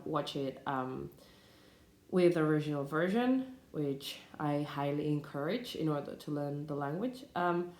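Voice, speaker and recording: A woman teaching English pronunciation, talking slowly and deliberately with frequent hesitations. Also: lowish voice, darkish tone, roomy sound. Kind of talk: pronunciation lesson to camera.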